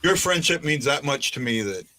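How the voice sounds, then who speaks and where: A man chats on his fan live stream, circling back over his own phrases. His voice is bright and sits a little high. The talk is loose and informal. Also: expressive, normal speed. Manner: rambling, repeats himself and restarts. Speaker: fan podcast host. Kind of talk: casual live-stream chat.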